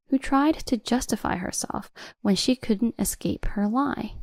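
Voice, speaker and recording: A woman narrates a first-person family drama in a cool, steady manner. Her voice has a gravelly, creaky texture and sits in the middle of the pitch range. She was recorded on a close mic in a dry room. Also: unhurried, hardly any pauses, no room sound.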